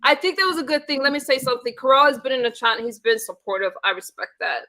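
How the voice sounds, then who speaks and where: A woman with a high, bright voice hosts a loose live-stream chat. She is playful and talks straight to her viewers, working to smooth things over between callers. The tone stays easy and chatty. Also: fast. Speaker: host.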